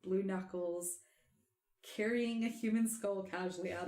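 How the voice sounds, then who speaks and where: A woman hosting a podcast, telling a story in casual chat, animated and quick to laugh. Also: medium pitch, echoey room. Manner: animated, laughs often, trails off and restarts. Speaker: podcast host.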